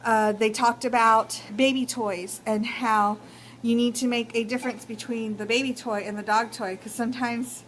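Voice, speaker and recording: A woman's voice: a little high, steady tone, normal speed, a bit bright, slight background noise, rough recording. A young woman with a Texan accent giving casual advice in a vlog, talking chattily with many fillers. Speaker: vlogger.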